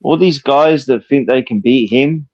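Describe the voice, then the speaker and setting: A man in his fifties from the UK with a Birmingham accent, calling into a live stream and talking fast and animated, swearing freely and repeating "listen, bro". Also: mid-range voice, muffled recording. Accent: Birmingham English. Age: 50s. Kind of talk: casual chat.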